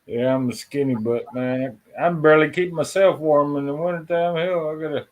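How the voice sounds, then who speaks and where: A man's voice: a little high, brisk, dull audio. Folksy man host chatting casually. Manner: folksy, swears casually, self-deprecating. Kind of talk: casual chat.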